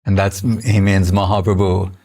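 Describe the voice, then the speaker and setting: An older man giving an informal spiritual lecture, telling stories conversationally with many restarts and soft laughs. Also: deep voice, level tone, normal speed. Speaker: spiritual teacher.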